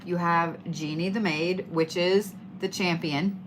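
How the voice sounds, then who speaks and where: A woman's voice: lowish voice, fairly even intonation, slow pace, noisy background. A middle-aged woman giving casual, playful zodiac tarot readings, swearing freely and hyping up her listeners. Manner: swearing, playful, hyped-up and chatty.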